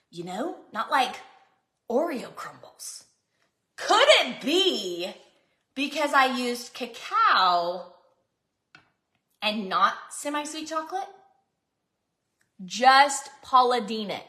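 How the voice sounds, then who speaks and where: Chatty high-voiced woman. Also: very animated, measured pace, pauses often, sharp tone, reverberant. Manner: chatty, self-mocking, dramatic pleas for help. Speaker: cooking vlog host. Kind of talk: casual kitchen chat to viewers. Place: home kitchen.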